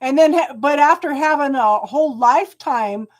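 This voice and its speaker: A woman's voice: sits high, moderate pace. An older woman hosting a casual tarot livestream, chatty and often laughing, greeting viewers by name as she talks. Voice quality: laughs often while talking. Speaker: tarot reader host.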